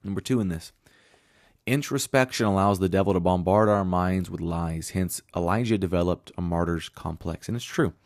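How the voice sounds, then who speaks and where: A man's voice: deep voice, normal speed, a little mellow, no echo, clean studio sound. A man preaching a sermon in an earnest, conversational way, reading scripture aloud as he goes.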